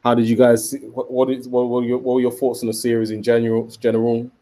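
A man's voice: medium pitch, completely flat delivery, quick pace, mellow. A man with a British accent hosting a casual basketball podcast, bantering and laughing easily over a video call. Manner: banter-heavy, laughs often. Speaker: podcast host. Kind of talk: casual chat.

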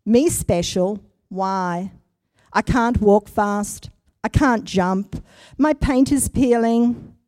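A woman's voice: mid-range voice, very slow, darkish tone, no echo, clean studio sound. Woman doing an anxious little wooden puppet boy. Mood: pleading. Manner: unsure, pleading, breathless questions.

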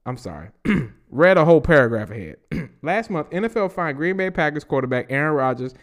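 A man's voice: a little high, very animated, a little fast. A man with a Southern US accent hosting a podcast, reading news stories aloud and riffing on them with loose, profane commentary. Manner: reads news aloud and riffs with laughs and profanity. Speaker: podcast host.

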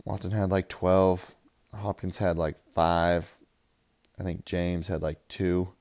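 A young man giving a profane, rambling fantasy football recap, swinging from loud hype to low mumbles. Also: flat delivery, takes it slowly. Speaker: fantasy football league player.

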